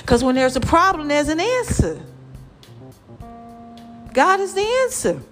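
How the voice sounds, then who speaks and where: A woman vlogger giving lively, preachy motivational talk straight to her viewers. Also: high voice, a little slow, faint music behind. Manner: lively and preachy, calls viewers "child" and "y'all".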